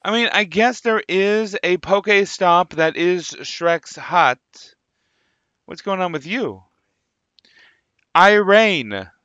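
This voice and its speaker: Male gamer host, high bright voice, slow chatty play-along commentary, dull lo-fi mic. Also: no echo. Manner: chatty, muses aloud, jokey asides. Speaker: gaming channel host. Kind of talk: casual gameplay commentary.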